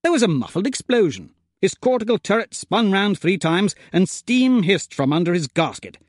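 A man narrating a comic adventure in the first person, with plummy, gentlemanly turns of phrase. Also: high voice, sing-song, normal speed, no echo, studio quality. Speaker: audiobook narrator.

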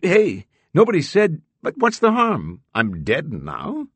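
A man voicing a thin, mousy male station cop who is apologetic but firm, in a high, mousy voice. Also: huge pitch swings, takes it slowly, slightly rough, no room sound, full character voice. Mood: flat apologetic.

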